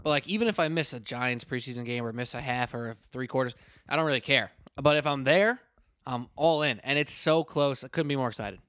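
A man's voice: medium pitch, fairly quick, a bit bright, dry recording, studio quality. A man hosting a casual sports podcast, joking and rambling with frequent restarts. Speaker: podcast host. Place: indoors at a table with a co-host.

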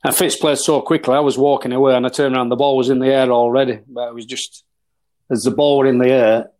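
A man's voice: medium pitch, darkish tone. Middle-aged man, caddie guest, casual storytelling, blunt, salty language, voices the back-and-forth. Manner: blunt, swears freely and acts out dialogue. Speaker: professional golf caddie, podcast guest.

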